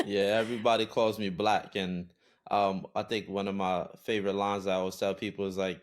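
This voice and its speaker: A young man from Brooklyn, New York, talking as a podcast guest in a relaxed way, with lots of "uh" fillers. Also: lowish voice, a little fast. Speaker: podcast guest, recording artist. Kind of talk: casual interview chat.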